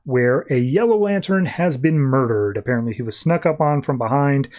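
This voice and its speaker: A man hosting a podcast, casually recapping a comic in a loose, slangy way with quick voiced asides. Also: medium pitch, lively intonation, darkish tone. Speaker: podcast host.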